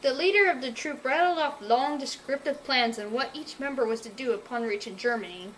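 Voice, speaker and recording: A woman reading a children's story aloud with an expressive, animated delivery. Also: sits high, brisk, slight background noise, poor audio.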